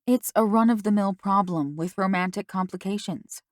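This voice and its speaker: A woman voicing a worried, gentle mother who questions her daughter in a soft, coaxing way. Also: medium pitch, moderate pace, dry recording, studio quality, lightly acted.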